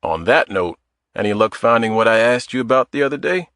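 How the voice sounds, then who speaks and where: A man's voice: mid-range voice, animated, brisk, a bit bright, no room sound, clean studio sound. A man voicing a wry, self-deprecating man in his mid-forties in an audiobook. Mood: earnest. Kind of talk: audiobook character voice.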